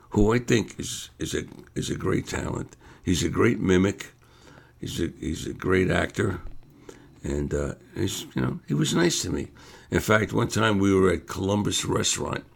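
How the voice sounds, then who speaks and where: An older man with a New York accent telling stories about his comedy career in a casual, animated way, acting out the voices of people he quotes and laughing along. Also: a bass voice, creaky. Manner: animated storyteller, acts out quotes, laughs often. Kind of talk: casual storytelling monologue.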